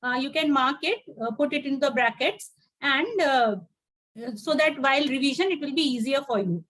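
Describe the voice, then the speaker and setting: A woman tutor teaching an online English class, reading a story aloud and explaining it line by line with patient pauses. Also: sits high, animated, fairly bright tone. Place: home, on a video call.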